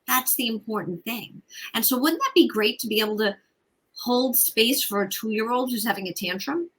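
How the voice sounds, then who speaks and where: A woman's voice: mid-range voice, pushed and bright, low-quality recording. A woman in her forties, a parenting coach speaking as a guest in a casual interview, emphatic and repeating her key points.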